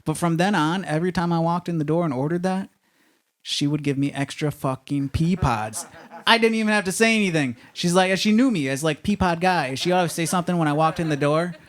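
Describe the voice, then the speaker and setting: A man works a comedy club stage with a loose, rambling stand-up set, forever checking in with the crowd. His speaking voice sits a little high for a man. He talks into a handheld stage microphone. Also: brisk. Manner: rambling, conversational, leans on "you know what I mean".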